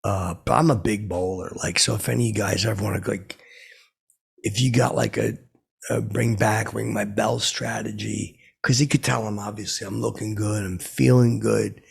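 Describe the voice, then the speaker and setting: A podcast host with a lowish, gravelly, raspy voice speaks at normal speed with fairly even intonation. On his own show he tells boastful comic stories that meander, packed with fillers.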